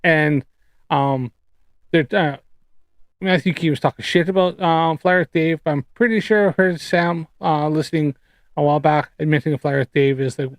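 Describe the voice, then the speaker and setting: A man's voice: a little high, moderate pace, no echo. A man from the Canadian prairies hosting a livestream, ranting and chatting casually in a profane, exasperated, rambling way. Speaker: streamer debunking flat earth claims. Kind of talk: casual livestream rant and chat.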